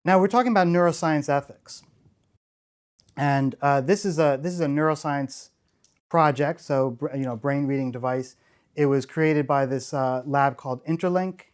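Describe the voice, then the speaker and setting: A man's voice: fairly high pitch, normal speed, clean tone. A middle-aged man giving a storytelling keynote talk, enthusiastic and rambling, often restarting his sentences. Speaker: conference speaker.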